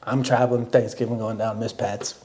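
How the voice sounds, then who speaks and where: A man's voice: lowish voice, flat delivery, brisk, dark tone. A man co-hosting a casual podcast, answering in short bits with dry, teasing remarks. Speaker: podcast co-host.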